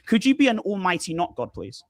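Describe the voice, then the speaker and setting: Guy debating online, keeps laughing, high voice that jumps around, dry. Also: wildly swooping pitch, fairly quick, no echo. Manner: laughing, talks over others.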